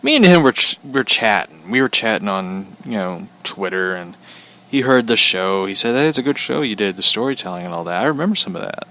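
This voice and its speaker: Man, low voice, lively swooping pitch, blunt profane rambling rant, podcast host. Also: fairly quick. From Missouri, US. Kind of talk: casual rant.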